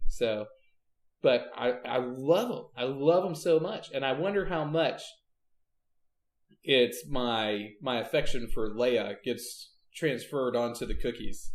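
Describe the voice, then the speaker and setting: A man's voice: medium pitch, takes it slowly. A man co-hosting a podcast, chatting casually and teasing with jokes. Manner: joking, teasing banter. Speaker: podcast co-host. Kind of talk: casual chat. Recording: echoey room.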